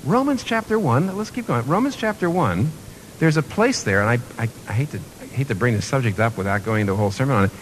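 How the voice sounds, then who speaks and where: A man's voice: medium pitch, expressive, fast, a little hiss or hum. A man preaching a sermon in an earnest way, often restarting and repeating phrases for emphasis.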